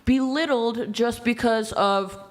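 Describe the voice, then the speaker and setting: A woman's voice: on the high side, takes it slowly. A woman speaking as a guest on a live dating debate panel, blunt and sarcastic.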